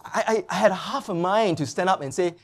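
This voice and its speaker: A middle-aged male pastor preaching a sermon and telling anecdotes, mimicking people in high sing-song voices. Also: fairly quick.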